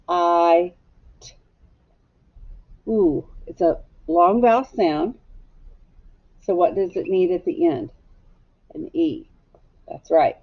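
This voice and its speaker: Woman teacher for a kids' phonics lesson, lowish gravelly voice, slow and patient, slightly dull recording. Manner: slow, patient, asks children to echo her words. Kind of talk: phonics lesson for young children.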